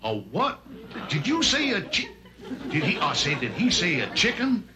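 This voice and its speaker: A man's voice: sits high, huge pitch swings, moderate pace, background noise. An actor voicing a pompous, blustering cartoon rooster who boasts and stammers, repeating "I say" as he talks. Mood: indignant. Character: blustering loudmouthed rooster, middle-aged, pompous. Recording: TV broadcast with loud audience laughter. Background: studio audience laughing.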